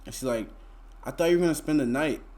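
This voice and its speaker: A man's voice: a little high, quick pace, warm tone. A young man, telling a story to his live chat in a laid-back, slangy, rambling way full of fillers. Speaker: streamer.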